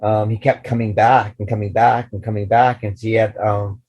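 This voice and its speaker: A man's voice: lowish voice, little pitch movement, normal speed, a little mellow, poor audio. A man co-hosting a podcast, telling rambling anecdotes in casual chat with many restarts and fillers. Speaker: podcast co-host.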